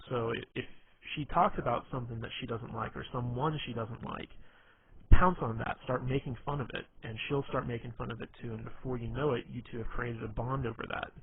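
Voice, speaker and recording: Rambling young man, tinny phone-like sound. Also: mid-range voice. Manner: rambling, full of "you know" fillers and stammered restarts. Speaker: dating advice instructor. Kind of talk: casual instructional monologue. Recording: tinny phone-like audio, faint noise.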